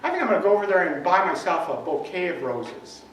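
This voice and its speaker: A man's voice: high voice, very animated, fast, slight background noise. A man voicing a troubled, searching woman who speaks with sincere wonder, heard from far off in an echoey hall.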